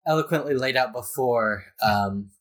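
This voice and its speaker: A man's voice: medium pitch, normal speed, a bit bright. A man co-hosting a casual chat, mostly giving brief reactions and dry asides. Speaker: podcast co-host.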